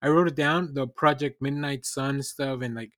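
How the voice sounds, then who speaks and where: A podcast co-host with a medium-pitched, fairly bright voice and fairly even intonation chats casually about a TV episode. The studio-quality recording has no room sound. His delivery is halting, full of restarts and fillers.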